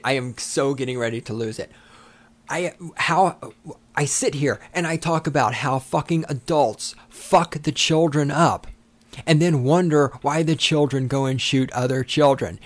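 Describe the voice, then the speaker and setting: Hosting a solo podcast, a man with a somewhat high voice rants angrily and sarcastically, swearing constantly. The recording has no echo.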